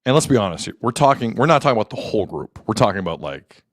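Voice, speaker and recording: A man hosting a sports talk show, chatting animatedly, cutting in often and breaking into shouts of excitement. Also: fairly low pitch, very fast, dry recording, studio quality.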